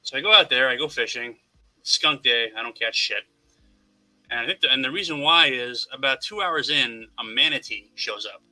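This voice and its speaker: Over poor audio, a man in Florida spins a long, rambling story in casual podcast conversation. His medium-pitched voice is expressive and sharp at a moderate pace, and he swears wryly and keeps restarting his sentences.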